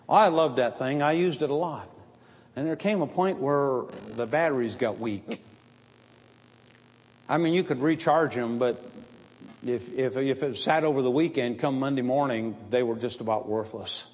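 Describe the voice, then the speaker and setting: A man preaching a sermon. He stammers and repeats words, and sometimes rises into shouting. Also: mid-range voice. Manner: stammering repetitions, bursts into shouting. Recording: long hall reverb.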